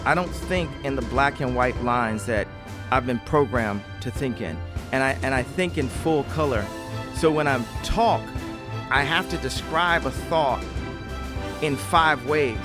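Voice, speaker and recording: Expressive man over loud music. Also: mid-range voice, a little slow.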